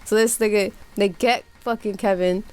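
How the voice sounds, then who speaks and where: A woman's voice: medium pitch, moderate pace, clear, resonant tone. Slangy young woman telling a wild story. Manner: animated storytelling with voiced quotes, slangy and profane. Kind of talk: casual chat.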